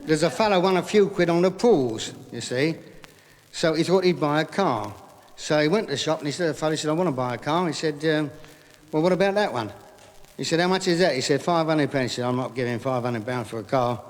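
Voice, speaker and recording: A man doing stand-up comedy, telling joke after joke in a brisk patter full of "he said", recorded live on stage. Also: a little high. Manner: rapid gag patter with repeated "he said". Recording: live vinyl recording in a hall with audience laughter.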